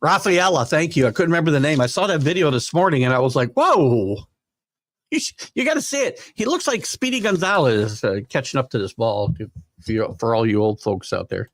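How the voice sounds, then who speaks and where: Reading viewer comments on his live sports talk show, an older man chats and rambles with fillers while hiccuping. He talks fast at medium pitch with lively intonation. The recording is dry and studio-clean.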